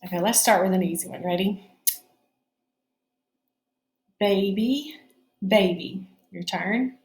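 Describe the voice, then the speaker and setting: A woman's voice: lowish voice, a little fast, gravelly, a little mellow. A middle-aged woman teaching a recorded phonics lesson from her home kitchen, talking patiently and checking in with her students often.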